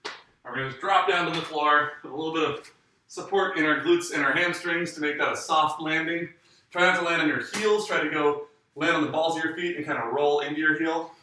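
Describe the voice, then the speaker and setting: A man leads a dance class, explaining each step and counting the beats as he moves. His voice is bright and fairly high, and it booms around a very echoey room. The mic sits some distance from him. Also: normal speed. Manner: counts beats aloud while demonstrating. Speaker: dance teacher. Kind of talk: live online dance lesson.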